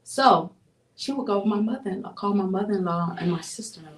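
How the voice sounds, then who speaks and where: A woman from Buffalo, New York sharing a personal testimony as an interview guest, telling her story in an animated way with frequent laughs. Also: medium pitch, quick pace, slight background noise. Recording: roomy sound from a distant mic.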